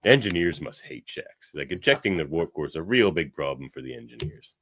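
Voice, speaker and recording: A man's voice: a bass voice, big pitch swings, a little fast, fairly bright tone, a little hiss or hum. A man hosting a podcast, recapping a comic in enthusiastic casual chat, often laughing. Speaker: podcast host.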